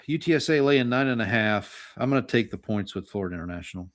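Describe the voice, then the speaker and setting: A man's voice: lowish voice, lively intonation, quick pace. Guy cohosting a sports pod, wry and jokey, reading betting picks. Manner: wry, reads bowl matchups and picks. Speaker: podcast co-host. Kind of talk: casual sports betting chat.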